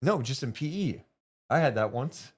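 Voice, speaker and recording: A man's voice: medium pitch, lively intonation, normal speed, husky. A man co-hosting a casual sports talk livestream, working through standings math and reading viewer donations aloud. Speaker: sports podcast co-host.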